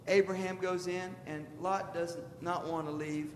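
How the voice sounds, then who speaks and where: A man preaching in a high voice tells the story in a folksy way and acts out each quote. He is heard in a large hall with a long echo. A faint hiss sits underneath. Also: little pitch movement, measured pace. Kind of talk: sermon. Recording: echoey hall with long reverb and faint noise.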